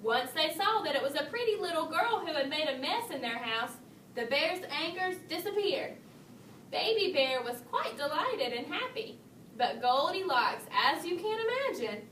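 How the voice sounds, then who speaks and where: A woman reading a children's story aloud, expressive, lifting her voice for the bears. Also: moderate pace, distant mic. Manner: expressive read-aloud, raising pitch for the bears' lines. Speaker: storybook reader. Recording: echoey room, voice from off-mic, faint hiss.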